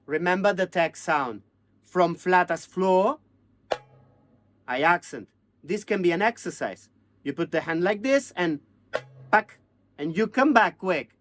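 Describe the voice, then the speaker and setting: Man teaching drums, speaking slowly. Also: high voice, animated, slight background noise. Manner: counts and chants drum syllables, halting non-native phrasing. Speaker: percussion teacher. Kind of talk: hands-on music lesson.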